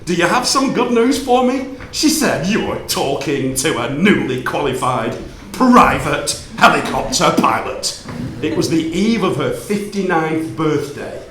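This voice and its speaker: Man, high voice, animated storyteller, playful, speaking to an audience, echoey hall. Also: unhurried, slight background noise. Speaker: speaker giving a talk. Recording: roomy hall reverb.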